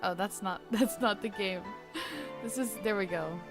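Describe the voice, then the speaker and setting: A woman with a mid-range voice streams a game at a moderate pace, music playing behind her. She greets her chat warmly and keeps things casual, playful and giggly, laughing often as she plays.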